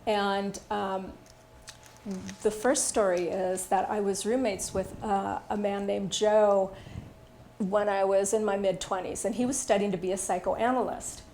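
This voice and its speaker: A woman's voice: mid-range voice, flat delivery, a little slow, dark tone, a little hiss or hum. A woman in her sixties who leads a workshop and speaks in a casual, candid way, telling personal stories with plenty of fillers. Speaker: workshop instructor.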